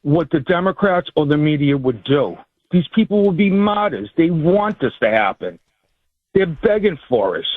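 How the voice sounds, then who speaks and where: A man's voice: a little high, sing-song, normal speed, dry recording. A man calling in to a radio show for the first time, insistent and stammering through restarts. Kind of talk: radio call-in. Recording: phone line.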